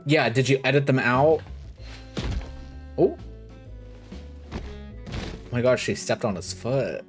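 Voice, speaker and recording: A man's voice: mid-range voice, takes it slowly, faint music behind. A man streaming a game live, chatting casually and sarcastically, swearing freely and reading game dialogue aloud.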